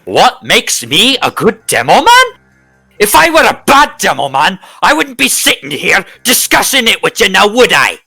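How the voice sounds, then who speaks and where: A man's voice: sits high, huge pitch swings, normal speed, vocal fry, pushed and bright, soft background music, voice pushed up, exaggerated voice. A man voicing a cocky male half-elf demolitions expert with a Scottish accent.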